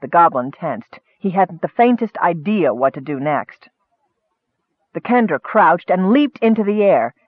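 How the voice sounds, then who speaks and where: High-voiced male fantasy narrator. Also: unhurried, dry recording. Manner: steady storytelling, rising for action. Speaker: audiobook narrator. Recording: dry, tinny phone-like sound.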